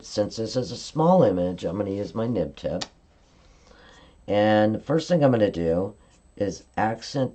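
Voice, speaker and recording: A woman leads a live-stream craft lesson, talking through each step in a friendly, chatty way. Her voice sits low and mellow, and she often stops to check in with her viewers. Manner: chatty step-by-step instruction, frequent "okay?" check-ins. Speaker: card-making demonstrator.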